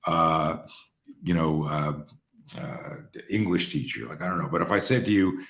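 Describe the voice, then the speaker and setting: A man with a very low voice hosts a call and tells stories with lively, profane energy. He slips into the voices of the people he quotes. His voice carries the echo of a roomy space. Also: a little slow. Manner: animated, profane storyteller acting out dialogue. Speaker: host and coach. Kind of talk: conversational storytelling on a call. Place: room on an online call.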